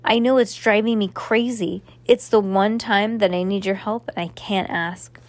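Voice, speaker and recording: A woman's voice: medium pitch, fairly even intonation, moderate pace, dry recording, natural voice. A woman reading aloud, voicing a worried, secretive young girl in an earnest tone in a storybook.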